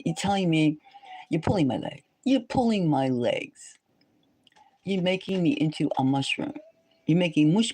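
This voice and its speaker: A woman hosting a psychic livestream, talking in an animated, emphatic way that slips into soft whispers. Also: deep voice, poor audio. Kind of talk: casual livestream rant.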